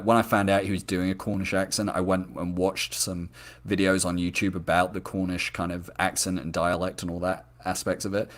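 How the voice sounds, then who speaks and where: A man's voice: low voice, fairly bright tone. A man hosting a live discussion show, chatting enthusiastically and reading out viewer comments, with frequent ums and restarts. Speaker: show host.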